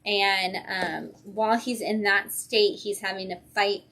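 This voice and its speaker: A woman's voice: medium pitch, steady tone, measured pace, pushed and bright. A woman co-hosting a comic shop livestream, chatting and reviewing comics, enthusiastic and laughing often. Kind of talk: casual chat, comic reviews.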